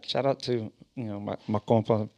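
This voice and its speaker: A man in his thirties hosting a casual podcast chat, telling stories with animated mock outrage and easy swearing. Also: on the low side, normal speed, gravelly, highs cut off. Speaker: podcast host.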